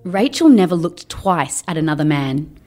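A woman's voice: sits low, sing-song, normal speed, over music. A woman reading scripted narration for a news story. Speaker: reporter narrator.

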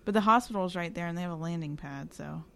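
A woman's voice: on the low side, fast talker, gravelly, a bit bright. A woman co-hosting a podcast at home with the windows open, telling stories in a chatty, casual way and laughing often. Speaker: podcast co-host. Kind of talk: casual storytelling chat.

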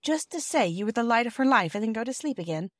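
A woman voicing an earnest, careful eldest girl in a storybook reading, gentle and slightly prim. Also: on the high side, expressive, fast, no room sound, studio quality, voice pushed up, lightly acted.

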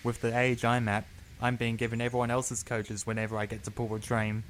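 A man voicing a cheerful old male steam engine in a storybook reading, talking in brisk, chatty bursts. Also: mid-range voice, monotone, a little hiss or hum, lightly acted.

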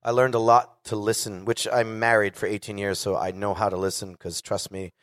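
A man's voice: on the low side, flat delivery, fairly quick, no room sound, studio quality. A man in his forties, a singer, telling a candid and profane story casually to a live audience. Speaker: guest singer.

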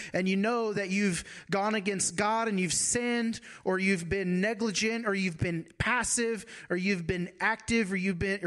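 A man's voice: high-pitched, fairly bright tone. A pastor gives a conversational sermon, asking his listeners rhetorical questions as he searches for his words.

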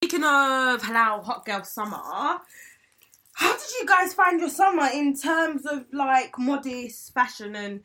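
A young woman, hosting a podcast in an animated, exclamatory way and laughing often. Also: high-pitched, a little slow. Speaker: podcast host. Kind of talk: casual chat.

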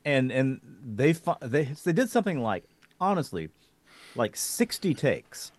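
Podcast guy, voice jumps up and down a lot, soft-hearted, easy chat. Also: medium pitch, very animated, a little slow, no room sound. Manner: tender-hearted, easily moved. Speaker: podcast co-host. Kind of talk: casual chat.

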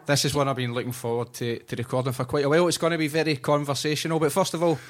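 A man's voice: fairly high pitch, flat delivery, rapid-fire, soft background music. Joking Scottish man hosting a podcast. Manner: chatty and joking, swears casually. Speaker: podcast host. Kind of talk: casual conversational interview. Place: hotel room.

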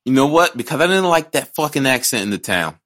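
A man's voice: mid-range voice, very animated, fast talker, a bit bright. A man co-hosting a podcast in casual chat, ranting and joking with lots of swearing. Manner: ranting, profane, jokey. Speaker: podcast co-host.

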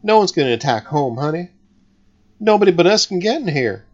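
A man's voice: high-pitched, big pitch swings, fairly quick, faint music behind, voice pushed up. Tough gunslinger mother, as a man puts her on. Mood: tender. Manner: urgent, brash, swearing. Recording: slightly dull recording.

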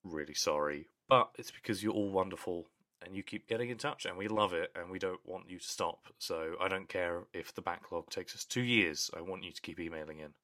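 A man's voice: sits low, a little fast, hardly any pauses, pushed and bright. A man co-hosting a podcast, talking in an earnest, thoughtful casual chat. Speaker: podcast co-host.

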